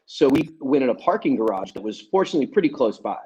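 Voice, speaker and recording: A man, a guest comic, telling stories in a casual, animated way and laughing as he goes. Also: mid-range voice, fast talker, dull audio. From United States. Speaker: guest comedian. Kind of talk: casual storytelling.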